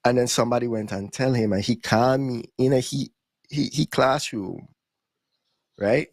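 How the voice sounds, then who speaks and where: A young man casually telling stories on a podcast, in relaxed creole-tinged English. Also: mid-range voice, moderate pace, no echo. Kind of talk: casual storytelling chat.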